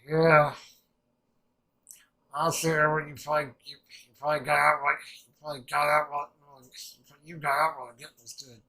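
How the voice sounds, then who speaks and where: A man's voice: fairly high pitch, flat delivery, a little fast, sharp tone, low-quality recording. A man hosting a reaction video, talking casually in a rambling way, full of restarts and fillers and casual swearing.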